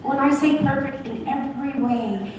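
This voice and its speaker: High-voiced woman gushing on a live stage. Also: moderate pace. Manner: warm, gushing, emotional storytelling. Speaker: guest on stage. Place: large venue with audience. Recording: echoey hall from far off, noisy.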